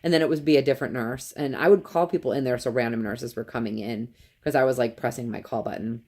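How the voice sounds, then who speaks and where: A woman's voice: rumbling low, quick pace, dark tone. A mother in her thirties tells a personal story to camera in an earnest, emotional way and acts out the quotes. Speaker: vlogger, mother.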